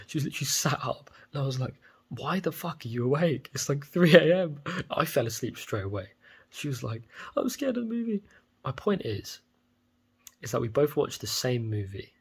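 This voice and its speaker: A man's voice: mid-range voice, husky. A young British man with a stuffy cold, talking bluntly and profanely in a rambling casual monologue. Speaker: vlogger.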